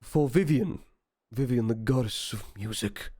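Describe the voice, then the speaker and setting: A man's voice: medium pitch, a little slow, a little mellow, husky. Brief: man playing a wingless raven-man mimic, odd and curious, copies voices he's heard, sultry one moment and priestly the next, for a tabletop game. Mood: solemn.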